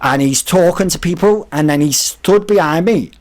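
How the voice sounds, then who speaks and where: Here a guest on a podcast recounts a story in an easygoing way, his voice a bit high and his pace moderate. He's animated throughout, acting out what the people in the story said.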